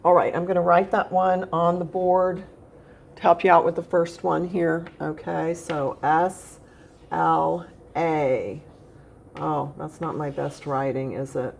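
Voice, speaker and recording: Patient phonics teacher woman, gravelly. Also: sits low, level tone, a little mellow, a little hiss or hum. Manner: patient, repeats key points slowly; speaks directly to a child at home. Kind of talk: recorded phonics lesson for young pupils.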